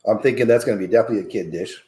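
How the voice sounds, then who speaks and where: A man's voice: on the low side, rapid-fire, warm tone, reverberant. A man hosting a casual cooking segment as a fitness coach, chatty and upbeat, thinking aloud with fillers. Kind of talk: casual cooking show chat.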